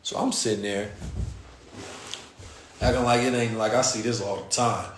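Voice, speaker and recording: A man's voice: on the low side, normal speed, a little hiss or hum. Slangy American man telling a story. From United States. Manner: animated, slangy, acts out quoted voices. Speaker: podcast host. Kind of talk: casual storytelling. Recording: roomy echo.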